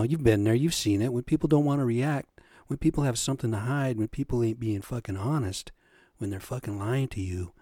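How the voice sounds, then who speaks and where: A middle-aged man rants bluntly and profanely, acting out the voices of people he quotes along the way. His voice is dark and mellow, at an average pitch for a man. The recording is dry and close, with no room sound. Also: no echo. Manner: profane, blunt, heated, acts out quoted dialogue. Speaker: podcast host. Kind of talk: angry ranting monologue.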